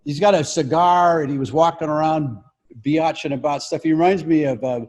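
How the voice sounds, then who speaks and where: Older man, comedian, casual chat, slightly high voice, animated storytelling, halting restarts. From Colorado. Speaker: guest comedian.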